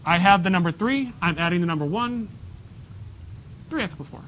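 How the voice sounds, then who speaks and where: During a classroom lesson, a male math teacher with a high, slightly bright voice and lively intonation works through problems at a moderate pace. He leads students step by step and cracks jokes as he goes, on a dull, lo-fi recording with faint hiss.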